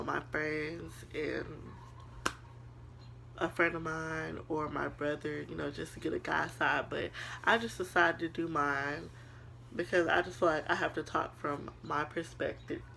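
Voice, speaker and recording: Young woman vlogger, earnest pep-talk delivery, bright and gravelly, slight noise behind. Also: deep voice. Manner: earnest, preachy, calls viewers girl and honey. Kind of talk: casual motivational talk to camera.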